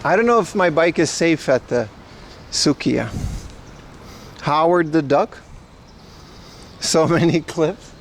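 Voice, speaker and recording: A man's voice: a little high, takes it slowly, long pauses, slight background noise. A man in his thirties hosting a casual livestream outdoors on city streets, rambling and answering viewer chat while biking. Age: 30s. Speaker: livestream host.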